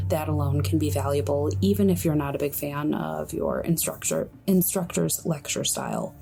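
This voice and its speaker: A young woman hosting a solo podcast, speaking in a quiet, breathy, hushed voice as she gives advice. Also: low voice. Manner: hushed, soft-spoken, friendly. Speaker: podcast host.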